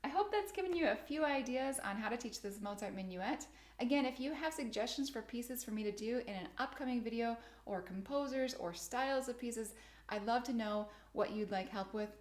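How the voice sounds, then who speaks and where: A middle-aged woman piano teacher explaining teaching methods in a clear, methodical way, sometimes chanting rhythm words. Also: a little high, brisk. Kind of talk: instructional video for teachers. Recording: roomy echo.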